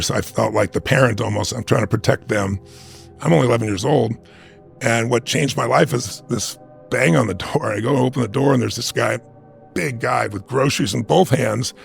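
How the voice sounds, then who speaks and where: Man with a very gravelly voice, motivational speaker, emphatic storytelling, faint music behind. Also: mid-range voice. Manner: emphatic, conversational, with frequent "right?" asides. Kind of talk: interview answer with personal storytelling.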